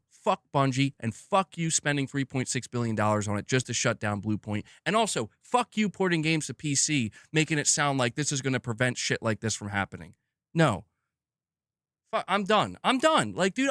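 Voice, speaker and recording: Male gaming streamer, angry profane rant, lively swooping pitch, dry close sound. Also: dry recording. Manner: angry, profane, repetitive outbursts.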